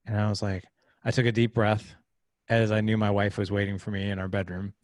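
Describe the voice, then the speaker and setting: A man in his thirties, appearing as a podcast guest, tells a personal story in casual conversation and acts out the voices of the people in it. His lowish voice is delivered completely flat and a little fast, captured with clean studio sound and no room sound.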